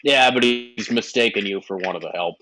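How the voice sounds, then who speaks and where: A man's voice: fairly low pitch, a little fast, sharp tone, low-quality recording. A man narrating as game master for a tabletop game, hesitant and restarting often.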